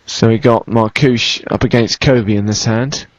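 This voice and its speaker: A man's voice: medium pitch, fairly even intonation, no echo. Man calling poker, lo-fi broadcast. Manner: brisk, chatty play-by-play with dry banter. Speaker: poker commentator. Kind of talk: live poker commentary. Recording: slightly dull, lo-fi broadcast sound.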